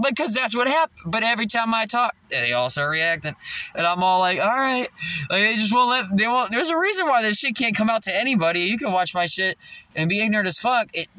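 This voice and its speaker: A stoned man rambles to the camera, drifting between stories and laughing at himself. His voice sits high and swings widely in pitch. The tone is bright and edgy, loose and meandering. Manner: loopy, laughing often, rambling. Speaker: vlogger. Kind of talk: rambling casual monologue.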